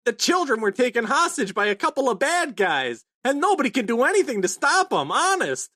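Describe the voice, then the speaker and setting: A man's voice: very high-pitched, very animated, a little fast, bright, forceful tone, no room sound, studio quality, pitched above the performer's own voice, heavily acted. A man voicing a small male reindeer doctor in a frantic, urgent rush. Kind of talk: reading comic aloud in podcast.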